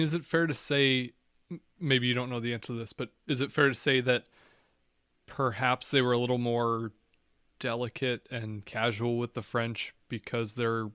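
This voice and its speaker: A man's voice: medium pitch, a bit bright, smooth, dry recording, clean studio sound. A man co-hosting a podcast, asking curious, thoughtful questions in casual conversation.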